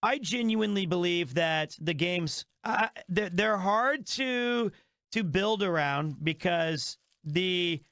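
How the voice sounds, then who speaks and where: A man chats to his stream with eager, rambling energy, circling back on his own phrases. His voice sits high. The sound is close and dry, with no room around it. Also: slow, fairly bright tone, dry recording. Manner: enthusiastic, rambling with restarts. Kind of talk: casual live-stream chat.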